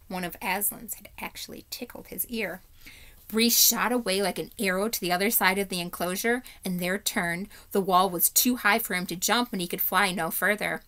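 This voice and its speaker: A woman teacher reading a children's novel aloud in steady, clear storytelling narration. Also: medium pitch, moderate pace.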